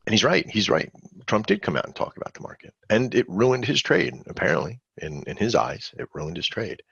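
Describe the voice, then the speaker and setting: Low gravelly man hosting a webinar. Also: big pitch swings, brisk, a bit bright, dry recording, lo-fi sound. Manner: rambling, conversational, asks the audience questions. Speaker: trading webinar host. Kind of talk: casual live webinar teaching.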